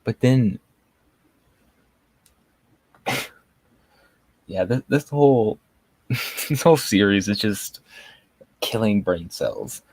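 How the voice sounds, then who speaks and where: Male show host, live review rant: drawling slow pace, dry close sound, mocking and rambling. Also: fairly low pitch, lively intonation, a little mellow, dry recording. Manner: mocking, rambling, heavy on filler words.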